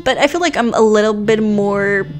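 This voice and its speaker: A woman's voice: medium pitch, moderate pace, soft background music. A woman in her twenties giving chatty, self-deprecating commentary over gameplay, often laughing. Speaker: gaming YouTuber.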